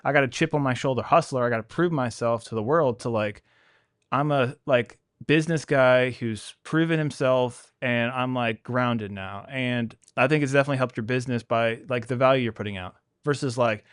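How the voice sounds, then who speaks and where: A man's voice: mid-range voice, moderate pace, smooth, dry recording, studio quality. A man hosting a casual podcast chat about his pressure washing business, talking candidly and acting out what other people said. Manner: candid, animated, acts out quoted people.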